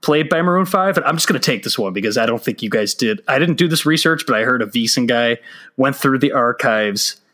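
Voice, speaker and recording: A man hosting a casual podcast about sports betting, talking loosely with quick asides and swearing. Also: mid-range voice, animated, pushed and bright. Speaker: podcast host.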